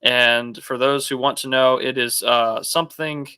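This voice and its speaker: A man's voice: mid-range voice, steady tone, measured pace, pushed and bright, smooth, dry recording. A young man hosting a casual livestream podcast, rambling with fillers as he reads out viewer messages. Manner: rambling, lots of fillers, reads super chats. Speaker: podcast host.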